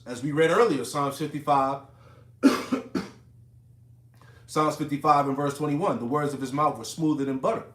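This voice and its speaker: A man's voice: on the high side, moderate pace, long pauses, fairly bright tone, echoey room. A man giving a casual, profane, emphatic Bible teaching, reading verses and riffing on them conversationally.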